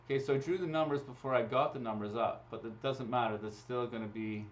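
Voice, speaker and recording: In a quick, mid-range voice with fairly even intonation, a man hosts a live raffle draw, chatting and laughing casually as he narrates each draw into a computer mic. The stream audio sounds dull and lo-fi.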